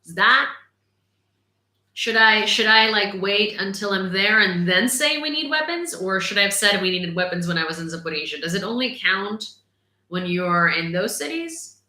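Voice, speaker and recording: Bright-voiced indignant woman livestreamer. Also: medium pitch, normal speed. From Ukraine. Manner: indignant, talkative, many fillers. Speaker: livestream news host. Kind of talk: casual livestream chat. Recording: echoey room.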